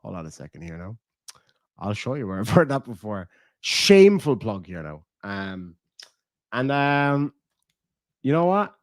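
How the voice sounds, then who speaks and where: A man's voice: on the low side, sing-song, measured pace, pauses often, dry recording. Irish guy rambling on stream, swears a lot, dead dry mic. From Ireland. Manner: swearing, laughing, rambling asides. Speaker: streamer reading viewer comments. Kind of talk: casual live-stream chat.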